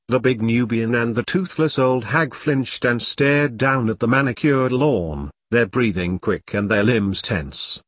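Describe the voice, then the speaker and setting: A man reads a dark comic story aloud in a steady, even storytelling voice at a mid pitch. The sound is dry and close to the mic. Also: a little slow, hardly any pauses, no room sound. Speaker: narrator. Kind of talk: audiobook narration.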